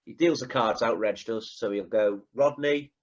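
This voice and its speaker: A man's voice: fairly low pitch, normal speed, muffled recording. A man co-hosting a podcast in casual chat, chatty and fond of tag questions as he retells scenes. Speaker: podcast co-host.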